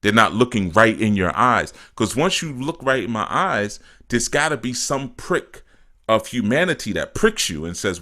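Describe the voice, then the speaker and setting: A man giving a casual spiritual talk as a teacher, animated and repetitive, often acting out what people say. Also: fairly low pitch, normal speed.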